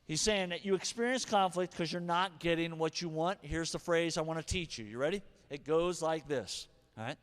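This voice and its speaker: A middle-aged man preaching a sermon as pastor, animated, moving from hushed asides to shouted punchlines. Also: on the high side, normal speed, few pauses. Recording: long hall reverb.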